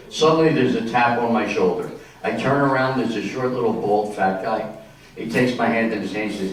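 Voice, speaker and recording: Middle-aged guy doing stand-up, chatty joke storytelling, regular pitch, super echoey hall recorded from way back. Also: a little fast, recorded from a distance. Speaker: stand-up comedian. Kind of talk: stand-up comedy routine. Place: stage in a senior community hall.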